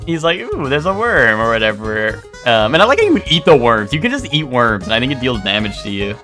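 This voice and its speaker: A young man streaming live, chatting casually and rambling, with animated bursts into loud outbursts. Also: mid-range voice, fast talker, soft background music.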